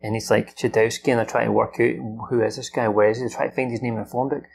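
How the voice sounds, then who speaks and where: Young male host, gravelly, swears and acts out lines, unscripted recap. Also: mid-range voice, little pitch movement, fast, darkish tone, soft background music. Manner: rambling, swears freely, acts out the characters' lines. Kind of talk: unscripted film recap from memory.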